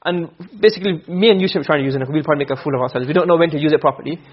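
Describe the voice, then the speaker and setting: A man's voice: a little high, slightly rough. A man teaching Arabic grammar in a classroom lesson, quizzing his students as he goes and reading Arabic text before explaining it. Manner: quick, questioning, reads Arabic text then explains. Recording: dull lo-fi recording.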